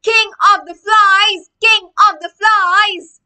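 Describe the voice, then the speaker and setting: A woman voicing a crowd of mocking children who chant taunts in a shrill sing-song. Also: steady tone, takes it slowly, bright, forceful tone, exaggerated voice. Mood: taunting.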